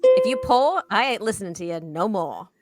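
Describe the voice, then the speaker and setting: A woman voicing a folksy Southern woman handing out homespun advice in a put-on American Southern accent, drawling slowly. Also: medium pitch, huge pitch swings. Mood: sassy. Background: ukulele music.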